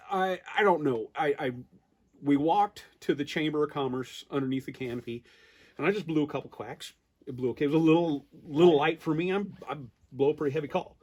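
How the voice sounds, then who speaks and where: Man, 50s, American accent, interview guest, casual storytelling, animated, acts out quotes. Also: fairly high pitch, normal speed. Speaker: duck calling champion guest.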